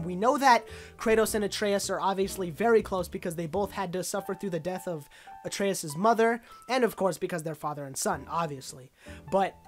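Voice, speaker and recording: A woman giving casual, excited commentary on a video game trailer, rambling with lots of uh and like fillers. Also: medium pitch.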